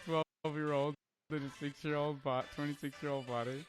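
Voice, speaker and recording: A man's voice: on the high side, level tone, moderate pace, faint music behind. A young man streaming live, reading chat aloud and answering in a brash, profane way with lots of stammered restarts.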